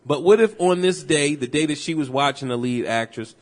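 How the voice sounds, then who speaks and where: A man co-hosting a podcast, telling stories in loose, animated casual chat full of slang and swearing. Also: fairly high pitch, a little fast. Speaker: podcast co-host.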